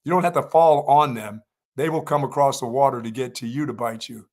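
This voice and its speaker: A man's voice: medium pitch, brisk, a little mellow. An older man from North Carolina co-hosting a sports show, telling a long story in casual chat and raising his voice for the quoted lines.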